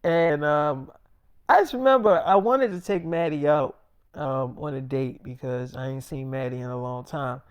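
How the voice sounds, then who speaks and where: Young man, casual rambling storyteller, high voice, dry close sound. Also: normal speed, smooth, dry recording. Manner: rambling, repeats "I'm like, she's like".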